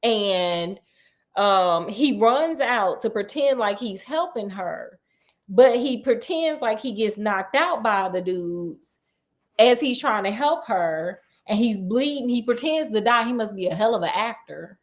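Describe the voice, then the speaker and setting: Animated slangy woman retelling a story. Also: on the high side, unhurried. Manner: animated, slangy, laughs often. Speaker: podcast storyteller.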